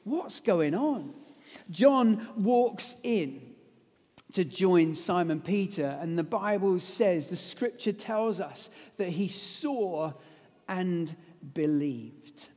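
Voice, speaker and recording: A man preaching a lively, conversational sermon that retells a story, with casual asides. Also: sits high, very slow. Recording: long hall reverb.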